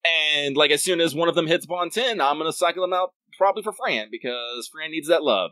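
A man's voice: a little high, brisk, few pauses, bright, forceful tone, no room sound, rough recording. A man co-hosting a podcast in casual, rambling chat, swearing freely and often cutting himself off mid-sentence. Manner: rambling, profane, self-interrupting. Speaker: podcast co-host.

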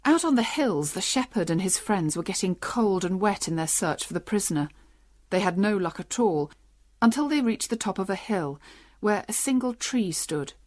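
A woman narrating a simple storybook for English learners in a clear, steady reading. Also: medium pitch, normal speed.

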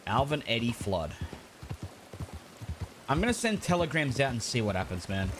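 A man's voice: medium pitch, big pitch swings, normal speed, background noise. A man streaming a game, chatting casually, swearing often and laughing a lot. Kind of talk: casual gaming stream chat.

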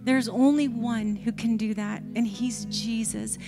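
A woman's voice: a little high, steady tone, a little slow, music in the background. An older woman preaching an impassioned sermon in a church, repeating her lines and sometimes dropping to a whisper. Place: church sanctuary.

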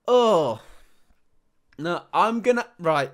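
A man, an excitable YouTuber rambling through an online quiz, swearing casually and laughing at himself. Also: high-pitched, unhurried, faint music behind.

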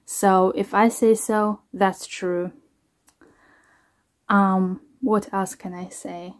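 A woman, a singer, talking casually to camera in a reaction vlog, halting, restarting and trailing off as she reflects. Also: medium pitch, steady tone.

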